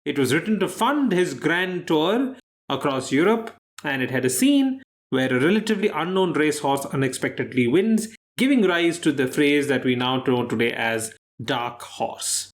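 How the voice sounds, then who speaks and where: A man with a fairly high voice hosts a quiz podcast in relaxed conversation. He explains answers at an unhurried, thoughtful pace and slips in dry, teasing jokes. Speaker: quizmaster co-host. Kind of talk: casual podcast chat.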